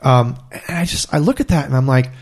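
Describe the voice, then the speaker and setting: A man chatting in a casual podcast discussion, animated and expressive. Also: medium pitch, fairly quick.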